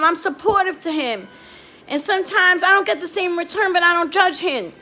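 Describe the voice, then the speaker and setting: A woman's voice: very high-pitched, normal speed, bright, forceful tone. A young woman talking straight to her viewers, heated and pleading, swearing and repeating herself. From New York. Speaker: vlogger. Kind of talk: emotional talk to camera.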